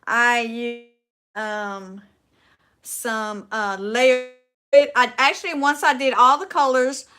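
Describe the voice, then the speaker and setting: A bright, fairly high-voiced woman with a Southern US accent chats through a crafting livestream. She talks in a folksy, rambling way and says "y'all" often. She trails off and restarts her sentences as she works. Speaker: furniture upcycling livestream host. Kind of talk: casual livestream chat.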